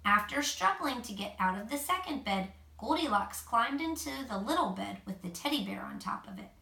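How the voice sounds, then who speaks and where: Bright, animated mom reading a storybook. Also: female voice, on the high side, normal speed, gravelly. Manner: expressive, gentle asides to the child. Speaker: mother reading to her child. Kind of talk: reading a picture book aloud. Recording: echoey room, mic at a distance.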